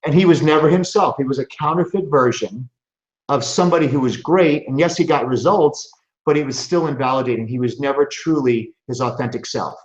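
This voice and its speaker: A man's voice: medium pitch, a little fast. Earnest motivational host, male, restarts phrases; roomy dull stream audio. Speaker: chiropractor host. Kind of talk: motivational live show talk.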